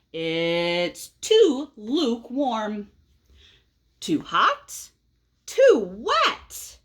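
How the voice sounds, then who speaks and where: A woman's voice: a little high, fairly bright tone, heavily acted. A woman doing a stubborn whiny pigeon. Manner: whiny, drawn-out excuses. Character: stubborn grumpy young male pigeon avoiding a bath. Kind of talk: storybook read-aloud voice.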